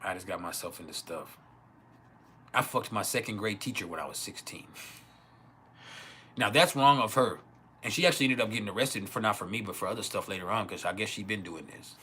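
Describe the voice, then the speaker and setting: Host telling raw stories on a live stream, slightly low and bright, faint room noise. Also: male voice, lively intonation, brisk, pauses often. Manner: crude, laughing often, acts out quoted voices. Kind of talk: casual storytelling. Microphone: home livestream mic.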